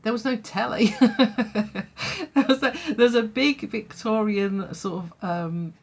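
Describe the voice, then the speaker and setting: A woman's voice: mid-range voice, slow, gravelly. Chatty woman telling a story. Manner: chatty, laughs often, many fillers. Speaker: vlogger. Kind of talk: storytime vlog.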